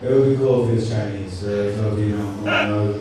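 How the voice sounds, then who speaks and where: This male comic talks fairly quickly in a fairly low, steady, slightly dark voice, stumbling through a self-deprecating open-mic routine with plenty of ums and false starts. It's set in a cafe indoors, captured on a distant mic in a heavily echoing room with faint noise.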